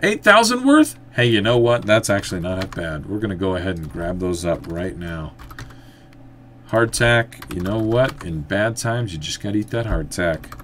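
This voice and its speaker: A man giving casual let's-play commentary, thinking aloud as he plays and breaking into excited outbursts. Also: deep voice, moderate pace, a little hiss or hum. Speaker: gameplay commentator.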